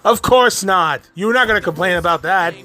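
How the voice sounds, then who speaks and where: Exasperated high-voiced man ranting. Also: normal speed, sharp tone, soft background music. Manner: exasperated, profane, laughs often, repeats and restarts. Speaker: movie commentary vlogger. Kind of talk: casual ranting commentary.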